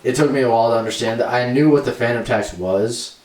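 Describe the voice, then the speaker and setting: A young man co-hosts a podcast, chatting casually and rambling with plenty of filler words and easy laughter. His voice is medium-pitched, fast, and a little mellow, picked up from a distant mic with a roomy, off-mic sound.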